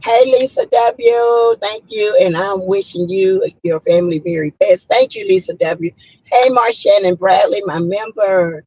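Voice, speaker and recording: Hoarse, husky woman in her fifties hosting a chatty livestream, muffled lo-fi sound. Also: mid-range voice, measured pace, dark tone. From South Carolina. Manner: chatty, greets viewers by name, emphatic. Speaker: livestream host. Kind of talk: casual livestream chat. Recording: muffled lo-fi audio.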